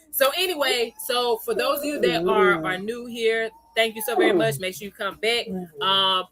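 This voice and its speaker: Chatty bright-voiced woman livestream host. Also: a little high, no room sound. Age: adult, parent of a young child. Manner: chatty, laughs often, greets viewers by name. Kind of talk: casual livestream chat.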